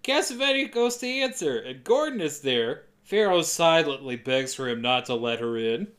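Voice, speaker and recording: Jokey higher-voiced man recapping a movie. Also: very animated, a bit bright. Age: 30s. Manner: laughs often, jokey retelling with quick put-on quotes. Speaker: podcast co-host. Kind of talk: casual comedic movie recap.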